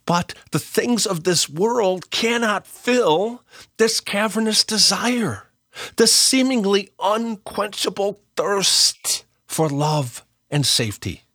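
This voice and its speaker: Slow, breathy-voiced man giving a devotional talk. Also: high voice, lively intonation, dry recording, studio quality. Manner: slow, gentle and earnest, dropping to a hush. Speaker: Catholic devotional speaker. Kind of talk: devotional reflection with scripture reading.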